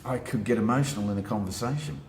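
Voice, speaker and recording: Self-help speaker, male, lowish voice, lively emphatic delivery, roomy echo. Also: quick pace, slight background noise. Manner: animated, emphatic, steps through points. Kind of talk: motivational talk to camera. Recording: echoey room with faint ambience.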